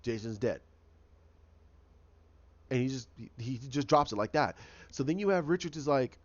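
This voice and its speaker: A man's voice: medium pitch, very animated, a little slow, long pauses, dull audio. A man giving a casual, rambling recap of a TV episode, often repeating himself and restarting his sentences. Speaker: show recap host.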